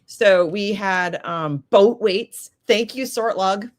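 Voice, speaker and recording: A woman guest telling a story in casual chat, animated and acting out the voices of people in it. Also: medium pitch, slow pace. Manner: animated, acts out quoted voices. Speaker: podcast guest.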